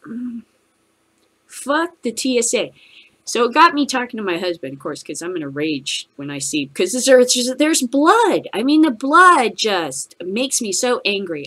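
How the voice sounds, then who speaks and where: A woman's voice: medium pitch, a bit bright. An American woman hosting a cannabis news show, ranting angrily about the news with heavy cursing. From United States. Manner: angry, heavy cursing, fast bursts. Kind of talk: profane ranting commentary.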